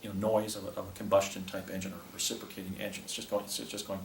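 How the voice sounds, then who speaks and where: An older man giving a talk and recounting a personal story, with a rambling, halting delivery full of restarts. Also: deep voice, level tone. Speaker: speaker presenting images to an audience. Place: presentation room with a projector. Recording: echoey room, distant mic, faint hiss.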